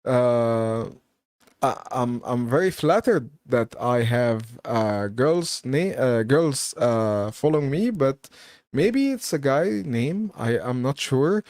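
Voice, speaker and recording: A man chats casually to his viewers on a live stream, reading out their comments and laughing along. He speaks at an unhurried, slow pace, and the recording is dry and close, with no room sound. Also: medium pitch, expressive, a little mellow, no echo. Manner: chatty, laughs often, reads viewer comments aloud.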